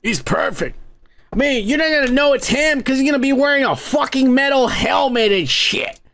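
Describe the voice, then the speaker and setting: A man's voice: very high voice, lively intonation, normal speed, creaky, fairly bright tone. A young American man hosting a podcast in a rambling, profane comedic rant. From United States. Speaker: podcast host.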